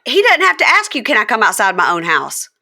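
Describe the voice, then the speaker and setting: Bright-voiced woman recapping with animated quotes. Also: on the high side, brisk, creaky. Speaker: podcast host. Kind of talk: casual chat recapping a reality show.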